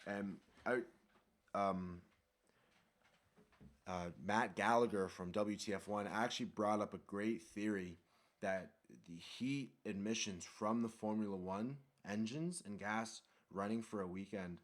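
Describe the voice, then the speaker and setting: A man's voice: lowish voice, measured pace. A young man co-hosting a casual podcast, joking, swearing and sarcastic in loose banter. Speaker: podcast co-host. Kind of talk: casual chat.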